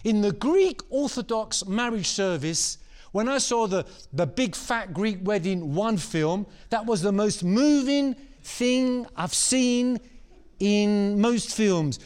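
A man preaching a sermon, animated and repeating phrases for emphasis. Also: high-pitched, slow, smooth.

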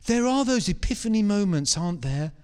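A man preaching a sermon, animated and repeating phrases for emphasis. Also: sits high, a little fast, smooth.

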